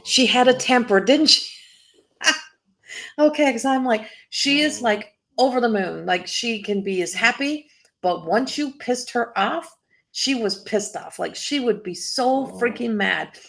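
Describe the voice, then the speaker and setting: A woman's voice: a little high, unhurried, vocal fry, a bit bright. A woman doing a live psychic reading as a medium, talking in a rambling way, breaking off and restarting her sentences, and laughing often.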